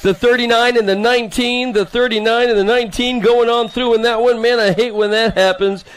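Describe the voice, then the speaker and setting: An American man calling BMX races live, fast and hyped, joking and teasing riders by nickname. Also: extremely high pitch, fairly even intonation, a bit bright, clear, resonant tone. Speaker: race announcer. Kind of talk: live sports commentary.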